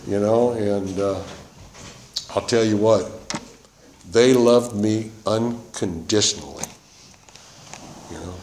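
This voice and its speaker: A man with a lowish voice tells his story in a loose, rambling way, looping back on himself as he talks. He speaks in a roomy space that echoes, with a faint hiss underneath. It sounds like a speaker sharing his testimony at a meeting. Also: a little mellow. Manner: rambling and conversational, full of "you know" and "man". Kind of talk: personal testimony. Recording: roomy echo with faint noise.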